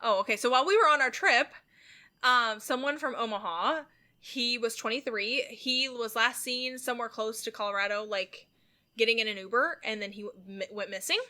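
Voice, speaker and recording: A woman's voice: a little high, moderate pace, sharp tone. A young woman co-hosting a casual podcast, earnest and rambling, full of "like". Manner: earnest, rambling, heavy use of "like". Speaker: podcast co-host.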